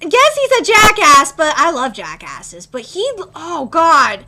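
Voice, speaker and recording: A young woman takes it slowly as she reacts live to an anime episode. She is excitable and curses freely, shifting between loud squealing and low grumbling.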